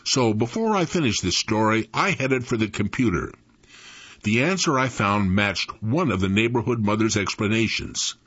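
A man in his eighties reading his own memoir aloud in an expressive storytelling manner. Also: fairly low pitch, normal speed, husky. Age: 80s. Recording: dull lo-fi recording.

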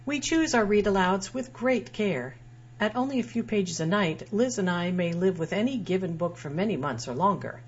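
A woman writer reading her own personal essay aloud in a wry, dryly humorous way. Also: fairly low pitch. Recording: dull lo-fi sound with faint hum.

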